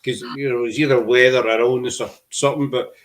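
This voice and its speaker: Middle-aged Glaswegian host, chatty storyteller, mid-pitched voice, lots of restarts. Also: male voice, steady tone, fast talker, rough recording. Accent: Glaswegian Scottish. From Scotland. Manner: rambling, anecdotal, with restarts and local slang. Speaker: podcast host. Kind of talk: casual chat.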